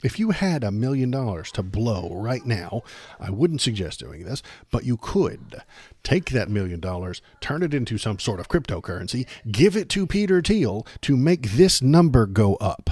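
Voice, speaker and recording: A man's voice: medium pitch, sing-song, moderate pace, darkish tone, breathy edge, no echo, studio quality. A man hosting a live stream of casual political commentary. He rants in a sarcastic, exasperated way and repeats phrases for emphasis. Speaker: streamer host.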